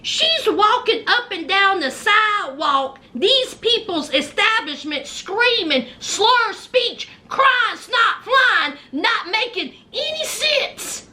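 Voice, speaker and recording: High, bright-voiced sassy woman recapping reality TV. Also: sing-song, slow pace, hardly any pauses. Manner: blunt, mocking, talks straight at the people she discusses; acts out quoted lines in put-on voices.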